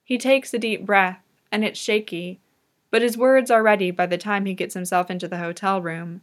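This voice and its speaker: A woman reader narrating a fan audiobook in a calm, measured storytelling manner. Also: medium pitch.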